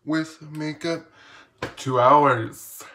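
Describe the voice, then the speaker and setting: Male vlogger, unhurried delivery, playful and slangy, self-mocking, reads questions then answers, casual Q&A vlog. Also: a little high, fairly even intonation, sharp tone, a little hiss or hum.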